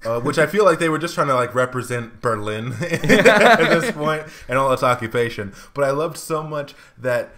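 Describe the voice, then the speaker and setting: Male podcast host, bright forceful voice, casual comic riffing with frequent swearing. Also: mid-range voice, moderate pace, few pauses. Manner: animated, swearing, laughing often. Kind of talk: casual comedic chat.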